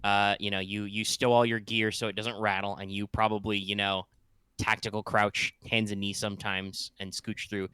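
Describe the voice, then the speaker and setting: Game master, male, bright and crisp, rambling tabletop narration. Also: fairly low pitch, flat delivery, moderate pace, no room sound. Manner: loose, chatty narration with fillers and sound effects.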